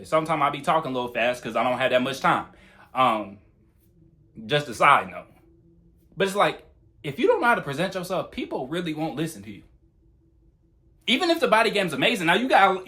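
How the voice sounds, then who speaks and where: Fast, blunt young man with lively pitch. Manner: blunt, profane, talks fast. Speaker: YouTuber giving dating advice. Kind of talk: casual monologue to camera.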